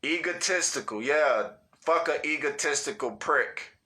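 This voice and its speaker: A man hosts a casual livestream chat, reading viewer comments in a laid-back, slangy, profane style and cracking up often. His voice is fairly high and sharp in tone, at a measured pace.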